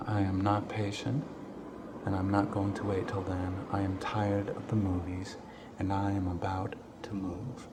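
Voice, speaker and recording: Casting: a restless young son, lowish voice, brooding and halting, noisy film soundtrack. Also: male voice, level tone. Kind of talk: film drama acting.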